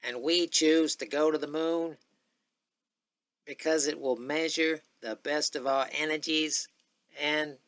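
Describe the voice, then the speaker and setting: Older man doing an orating 1960s male president, raised pitch, loud and emphatic, dry sound. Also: steady tone, slow, no room sound. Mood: rousing. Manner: declaiming, emphatic speech cadence. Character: adult male 1960s president, stirring oratory. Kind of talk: amateur impression.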